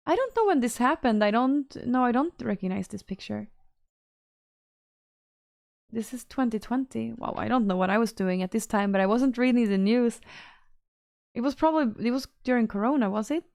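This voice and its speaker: A woman's voice: on the high side, expressive, normal speed, vocal fry, long pauses, darkish tone, no echo, clean studio sound. A woman streamer, chatting casually and reacting to messages from her chat.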